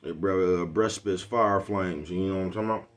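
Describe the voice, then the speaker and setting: A man's voice: low voice, a little fast. A man vlogging on his own channel in a casual, rambling way. He sounds laid-back and boastful, chuckles between phrases, and keeps asking whether you know what he's talking about. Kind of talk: casual rambling vlog talk.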